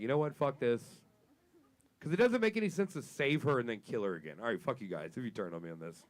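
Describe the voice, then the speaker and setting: A young man doing stand-up at a comedy club, talking through a long story on a handheld mic. His pitch sits mid-range for a man, and he swears freely while pushing his punchlines louder. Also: animated, quick pace. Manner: profane, storytelling, rising to loud punchlines. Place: comedy club stage with audience laughter.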